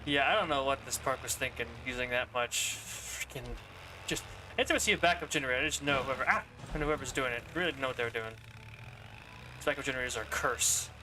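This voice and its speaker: A man's voice: mid-range voice, fast, noisy background. A young man streaming a video game, chatting casually and rambling, often laughing. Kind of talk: casual gameplay commentary.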